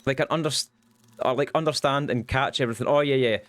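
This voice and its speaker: A young man chatting casually while streaming a game, goofy and quick, with lots of ums. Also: mid-range voice, a bit bright. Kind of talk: casual livestream chat while gaming.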